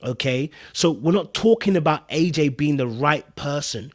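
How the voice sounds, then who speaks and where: A man's voice: on the high side, animated, moderate pace. A man hosting a live podcast stream, reacting to a reality show clip in casual, emphatic commentary, repeating himself and talking straight to viewers. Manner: emphatic, repetitive, addresses viewers and chat directly.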